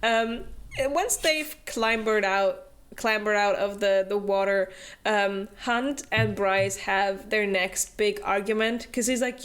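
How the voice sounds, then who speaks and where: A woman's voice: mid-range voice, slow, a bit bright. A young woman hosting a book club, recapping a novel in casual chat, full of fillers and acted-out quotes. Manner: chatty, filler-heavy, acts out character quotes with laughs.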